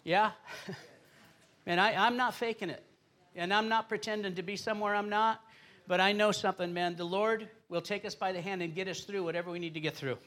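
In a church sanctuary, a middle-aged pastor moves from conversational teaching into earnest, fervent prayer with the congregation. His voice sits high and sounds sharp, delivered briskly in a steady tone.

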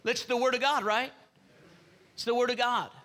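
A man's voice: extremely high pitch, steady tone, moderate pace, bright, forceful tone. A man preaching a sermon as pastor in a church, emphatic and calling out to the congregation for responses.

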